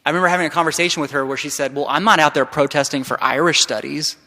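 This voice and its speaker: Guy giving a keynote, fired up one sec and hushed the next, bright forceful voice, big hall echo. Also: on the high side, racing. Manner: impassioned, shifts from hushed to loud. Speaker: keynote speaker. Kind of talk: conference keynote storytelling. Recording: long hall reverb.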